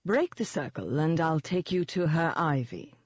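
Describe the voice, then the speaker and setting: Narrator voicing a silky, cultured gentleman demon. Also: mid-range voice, lively intonation, no echo, lo-fi sound. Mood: silky menace. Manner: slow, smooth, taunting delivery. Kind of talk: audiobook character voice.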